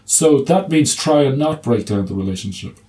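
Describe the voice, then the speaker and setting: A middle-aged man, a doctor, talks through his clinic work in a relaxed interview. His voice is warm and mellow, and he often trips over restarts before settling into stories told with dry humour. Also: mid-range voice, moderate pace. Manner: hesitant restarts, anecdotes with quoted dialogue and humour. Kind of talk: conversational interview answer.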